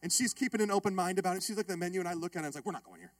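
High-voiced pastor preaching with humor. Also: male voice, very fast, dry recording. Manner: lively, joking with the congregation, calls out to listeners. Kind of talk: humorous sermon story. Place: church.

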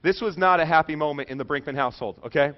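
A middle-aged man delivers a sermon as a rambling personal story, cracking jokes and then going hushed for the tender parts. His voice sits a little high for a man. The recording is dull and lo-fi. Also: fast talker. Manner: animated, joking, drops soft and low for emotional parts. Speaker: pastor. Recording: dull lo-fi sound.

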